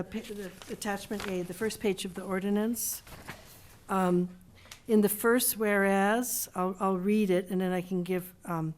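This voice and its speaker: A woman speaks at a city council meeting. She talks in halting bursts with frequent restarts and slows down when reading from a text. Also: medium pitch, a little mellow. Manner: halting, many restarts, reads slowly from a text. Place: council chamber.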